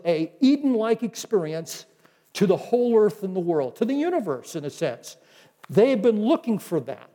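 High-voiced pastor preaching in a hall. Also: male voice. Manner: teaching, with scripture quoted in a slower, softer voice. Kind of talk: sermon.

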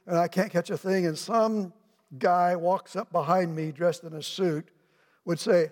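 A middle-aged pastor with a fairly high voice preaches from the pulpit at a normal speed, animated and slipping into the voices of people in his story. Long reverb from the church sanctuary surrounds his words.

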